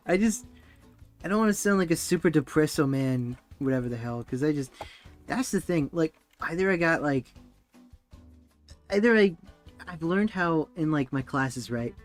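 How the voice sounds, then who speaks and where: A young man talks his way through a streaming session in a loose, rambling way and laughs often. His voice sits a little high. Faint music plays under him. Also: lively intonation, a little slow, pauses often. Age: young adult. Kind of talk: casual chat while 3D modeling.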